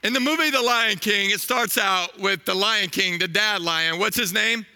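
A man in his thirties preaching a sermon, telling a story with animated energy and asking the crowd questions. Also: high-pitched, moderate pace, long reverb tail, a little hiss or hum.

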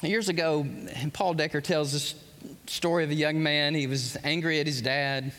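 Preacher, male, bright high voice, fervent, repeats himself, big reverberant hall. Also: steady tone, normal speed. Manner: impassioned, repeats words when worked up. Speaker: pastor. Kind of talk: live sermon to a congregation. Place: church hall with congregation. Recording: long reverb of a large hall.

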